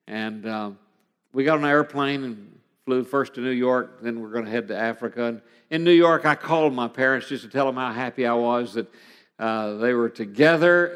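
A man's voice: medium pitch, a little fast. A middle-aged man preaching a sermon, telling a personal story in an earnest way that rises to emphatic passages. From Oklahoma, USA. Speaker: pastor. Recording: long hall reverb.

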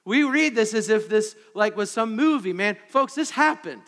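Delivering a sermon in a big-sounding room, a male pastor alternates between booming emphasis and quiet asides, peppering his congregation with rhetorical questions. He speaks expressively at a moderate pace in a high-pitched voice.

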